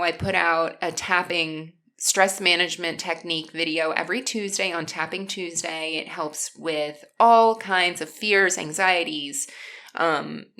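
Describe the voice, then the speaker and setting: Coloring as she talks, a female vlogger shares a personal story in an emotional, relaxed way, often restarting and turning aside to address viewers. She has a lowish, bright voice with a forceful tone.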